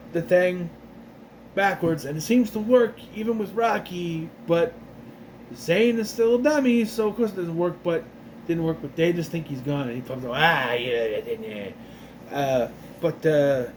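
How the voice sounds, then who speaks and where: Recapping a TV episode, a man speaks in a fairly high, slightly mellow voice, rambling casually, restarting often, and voicing the characters' lines quickly. A bit of hiss or hum can be heard.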